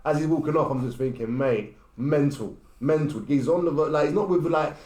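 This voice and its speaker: A man's voice: on the high side, fairly quick, mellow, echoey room. A man, a podcast guest who tells a casual story in a streetwise way and acts out what people said. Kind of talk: casual anecdote in a podcast chat.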